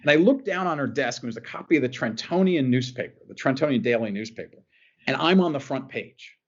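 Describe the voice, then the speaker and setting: An earnest man from New Jersey tells a personal story as a podcast guest, often repeating and restarting his phrases. His voice sits at a middle pitch for a man. The audio sounds a little muffled. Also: animated, a little fast. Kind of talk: emotional personal storytelling in an interview.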